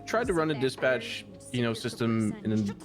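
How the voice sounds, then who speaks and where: A man's voice: mid-range voice, lively intonation, normal speed, soft background music. A man talking in character as a police dispatcher in online role-play, laid-back and full of "you know" and "like".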